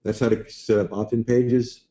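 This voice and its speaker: A man's voice: medium pitch, little pitch movement, moderate pace, warm tone. A man hosting a live webinar, chatting loosely and answering viewers' questions by name. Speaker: webinar host.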